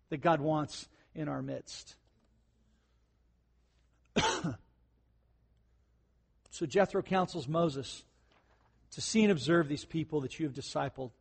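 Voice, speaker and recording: A middle-aged male pastor preaching a conversational sermon, often clearing his throat and rising into excited bursts. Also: a little high, measured pace, pauses often.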